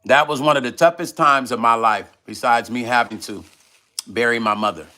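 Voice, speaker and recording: A man's voice: mid-range voice, normal speed, sharp tone. A middle-aged man hosting a casual livestream, reading out viewer comments and talking loosely, often repeating himself, while eating. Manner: loose, conversational, repeats himself when emotional. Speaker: livestream vlog host.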